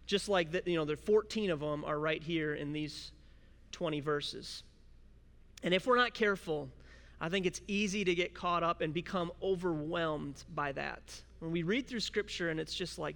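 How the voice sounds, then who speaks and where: High-voiced pastor in a reverberant hall. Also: male voice, gravelly, a bit bright. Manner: self-deprecating storytelling with quick jokes. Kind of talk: sermon.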